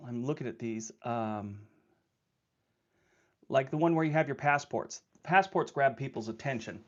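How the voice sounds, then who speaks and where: A man chatting casually on his livestream, rambling and quick to laugh. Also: mid-range voice, lo-fi sound. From California. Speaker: livestream host.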